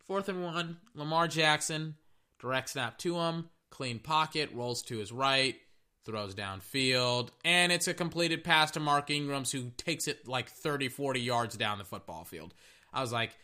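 A man giving casual, rambling play-by-play of a football game, excitable, often correcting himself and swearing casually. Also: mid-range voice, normal speed. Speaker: sports commentator. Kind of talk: casual play-by-play commentary while watching a game.

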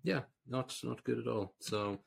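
A man's voice: medium pitch, a little slow, creaky, husky. An Irish man co-hosting a film podcast, recapping sketches in casual chat with blunt, dismissive verdicts. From Ireland. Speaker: podcast co-host.

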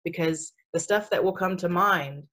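Her voice fairly low but fairly bright, this woman talks at a normal speed about spiritual matters in a relaxed podcast chat. She comes across as sassy and talkative, laughing often and leaning on plenty of fillers.

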